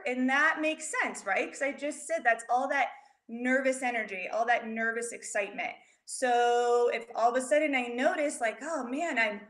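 A woman's voice: a little high, echoey room. Upbeat woman teaching kids online. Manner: upbeat, chatty, openly nervous and excited. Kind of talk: virtual lesson for young children. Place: home room with a big window.

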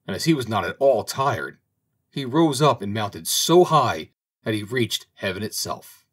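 Male audiobook narrator, expressive fairy-tale reader, husky lower voice. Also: unhurried. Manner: expressive, dramatic reading. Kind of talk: storybook narration.

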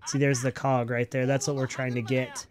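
A man's voice: medium pitch, flat delivery, moderate pace. A man hosting a gaming channel, giving upbeat, chatty let's-play commentary and talking playfully to his viewers.

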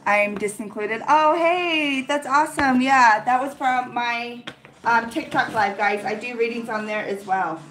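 A young adult woman vlogger chatting casually through an unboxing, gushing and excitable, with lots of 'like' fillers. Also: a little high, unhurried, a little hiss or hum. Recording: roomy echo with faint music.

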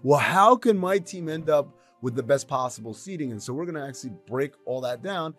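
A man in his thirties co-hosting a sports podcast, joking around in animated casual chat. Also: fairly high pitch, a little fast, soft background music. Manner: animated, joking, laughs often. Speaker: co-host.

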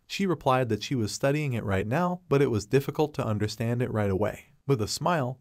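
A man reading a scripted story recap in a steady, even narration. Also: mid-range voice, no echo, studio quality.

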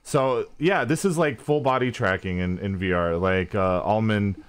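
A man's voice: fairly low pitch, normal speed, clear, resonant tone. A man hosting a livestream, explaining things in a chatty way with lots of fillers. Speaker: streamer host. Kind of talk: casual chat while livestreaming.

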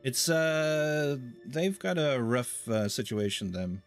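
A man giving casual commentary on a strategy game in an average-pitched voice. He rambles and makes wry asides, with faint game music playing underneath. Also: lively intonation, slow. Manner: rambling and wry, with many fillers. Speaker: let's play host.

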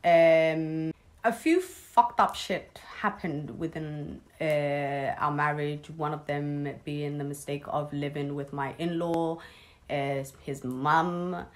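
A woman's voice: sits low, steady tone, slow pace. A young woman telling a personal story in a casual vlog, blunt, sarcastic and swearing freely. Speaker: vlogger.

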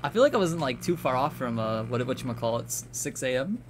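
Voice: medium pitch, big pitch swings, fast talker, slight background noise. Panicky, swearing horror-game streamer. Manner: panicky, swearing, nervous giggling; greets and answers chat between scares. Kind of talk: live gaming stream chat. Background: game music and sounds.

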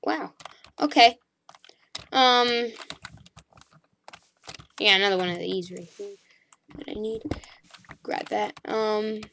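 A woman giving casual, excitable commentary while playing a game, chattering at the creatures on screen and calling out to them. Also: medium pitch, slow, creaky, long pauses, slight background noise. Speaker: gaming channel host.

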